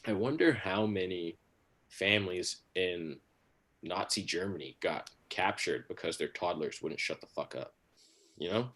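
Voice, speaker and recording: A man's voice: low-pitched, expressive, a little slow, a bit bright. A man doing a rambling, crude stand-up set on a livestream, full of fillers and restarts. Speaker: stand-up comedian.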